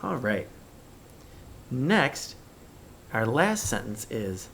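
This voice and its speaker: Slow, animated man teaching small children. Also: medium pitch. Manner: slow, deliberate, exaggerated expression when modeling sentences. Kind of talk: remote lesson for young children.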